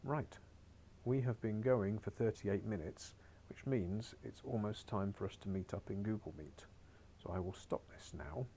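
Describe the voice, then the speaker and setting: A man with a lowish, dark-toned voice teaches a beginners' Spanish lesson over a recorded screen share, taking his time. He's chatty and encouraging, tossing in wry asides. A little hiss or hum sits in the background.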